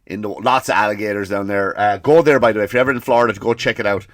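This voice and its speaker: A man hosting a comedy podcast, ranting casually with lots of swearing and animated storytelling. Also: on the low side, very fast, no room sound.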